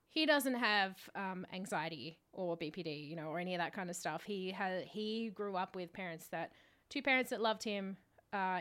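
A woman's voice: medium pitch, a bit bright, clean tone. A woman co-hosting a podcast in casual chat, talking candidly and rambling, swearing freely. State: out of breath. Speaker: podcast co-host.

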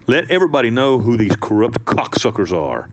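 Profane, animated man telling a story. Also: mid-range voice, fairly quick, background noise. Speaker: interviewee, former prisoner. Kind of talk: casual storytelling interview.

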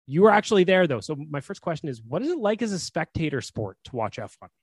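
A man's voice: fairly high pitch, sing-song, fast, breathy edge, no echo, studio quality. Brash Canadian man hosting a podcast. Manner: brash, blunt, swears freely. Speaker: podcast host. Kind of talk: casual sports podcast talk with ad reads.

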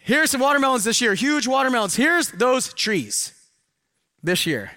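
A middle-aged man speaking at a live seminar with a high, bright and forceful voice. He preaches with energy and drops into hushed asides between loud urging. The sound is dry and close. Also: very animated, normal speed, no room sound. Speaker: motivational speaker. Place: event hall with a live audience.

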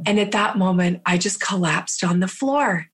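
Woman, interview guest, emotional personal story, repetitive phrasing, slows for emphasis, average pitch. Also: breathy edge.

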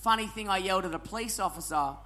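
A man's voice: high voice, fast talker, pushed and bright. An Australian man telling a rowdy, sweary story with lots of laughing, as a comedian at a live show. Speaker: comedian guest.

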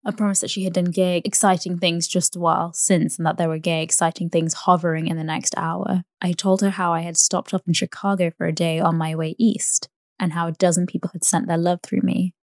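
A woman narrating a bedtime sleep story in a soft, even, unhurried reading. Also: lowish voice, no echo, clean studio sound.

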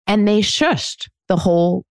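A woman's voice: medium pitch, animated, unhurried, a little mellow, no echo, clean studio sound. A woman in her forties co-hosting a podcast, telling a story in a candid, self-mocking way and laughing at herself often. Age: 40s. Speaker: podcast co-host. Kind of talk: casual chat.

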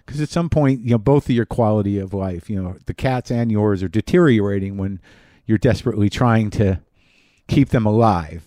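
A middle-aged man, a podcast host, telling a personal story in a halting monologue full of restarts and fillers. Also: fairly low pitch, dark tone, dry recording, studio quality.

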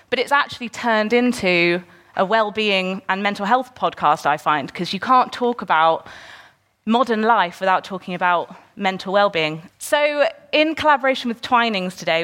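A woman's voice: medium pitch, fairly bright tone. A woman hosting a live podcast recording in front of an audience, chatty and upbeat. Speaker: podcast host. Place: live event venue.

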